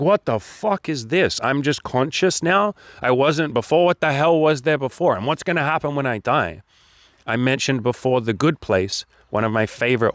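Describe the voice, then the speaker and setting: A man's voice: mid-range voice, no echo, studio quality. A man talking as a life coach, blunt, profane and preachy as he lectures his viewers. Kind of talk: direct-to-camera coaching talk.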